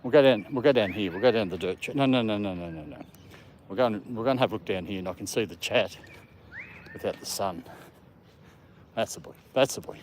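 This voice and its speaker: A man's voice: on the low side, brisk, long pauses, darkish tone. A man, chatting casually on a live stream while he walks his dog in a park and talks to it. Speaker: vlogger walking his dog. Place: outdoors in a park. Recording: faint outdoor background noise.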